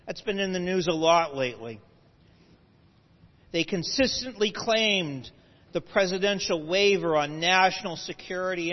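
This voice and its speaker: A man with a high-pitched voice lectures a live audience, explaining patiently and breaking off for asides and self-corrections. His voice carries a long hall reverb, and the recording sounds muffled and lo-fi.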